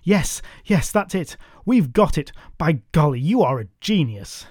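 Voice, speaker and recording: A man's voice: on the high side, very animated, a little mellow, no room sound, clean studio sound. A man voicing a desperate male adviser who gushes eagerly over a silly plan, in a myth podcast. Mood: excited. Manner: eager, gushing, rushed. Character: excitable desperate Irish noble adviser, male.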